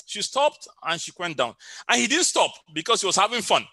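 A man's voice: sits high, big pitch swings, brisk, pushed and bright, no room sound. A middle-aged man preaching a sermon over an online call, telling a story with many fillers and repeated phrases.

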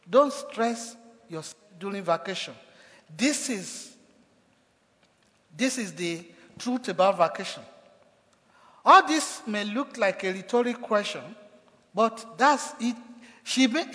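A man's voice: high voice, animated, slow, long pauses, a bit bright. A man preaching a sermon as pastor, with emphatic delivery that acts out quoted cries with rising force. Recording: echoey hall.

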